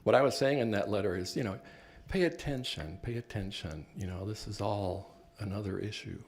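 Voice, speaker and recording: A man's voice: on the low side, fairly quick, darkish tone. An older man born in Cuba, a professor giving an earnest, reflective talk about his life and work, with touches of wry humor. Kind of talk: personal reflective lecture.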